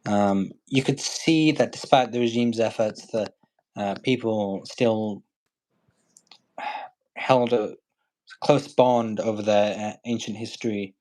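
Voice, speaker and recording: A man's voice: on the low side, darkish tone. A man from Iran, a guest on a livestream, talking in a blunt, joking way with many fillers. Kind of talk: casual livestream chat.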